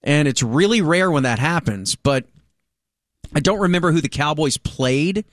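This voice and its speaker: A man's voice: a little high, moderate pace, dry recording, clean studio sound. A man hosting a sports radio talk show, chatting casually and jumping in with questions. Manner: lively, animated, jumps in with questions.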